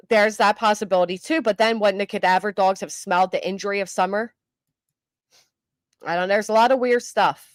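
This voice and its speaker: A woman's voice: medium pitch, a little fast, dry recording. An older woman hosting a true crime livestream, reacting casually to viewer comments and news clips with frequent fillers and restarts.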